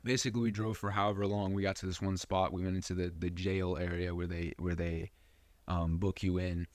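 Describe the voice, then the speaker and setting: A young man with a low voice tells a rambling personal story as a podcast host. He swears a lot and drops fillers everywhere. The sound is close and dry. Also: flat delivery, brisk, no echo. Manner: profane, rambling, full of fillers. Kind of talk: casual storytelling.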